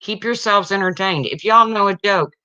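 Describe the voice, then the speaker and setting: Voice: medium pitch, moderate pace, sharp tone, clean tone, dry recording. Chatty livestream joke-teller. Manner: chatty, chuckling, talks to chat. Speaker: livestream host telling jokes. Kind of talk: casual joke-telling livestream. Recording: dull slightly lo-fi stream audio.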